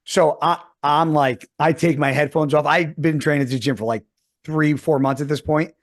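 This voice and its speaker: Profane, animated man in his forties. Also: fairly high pitch, moderate pace. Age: 40s. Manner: heavily profane, animated storytelling. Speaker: podcast co-host. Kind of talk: casual storytelling chat.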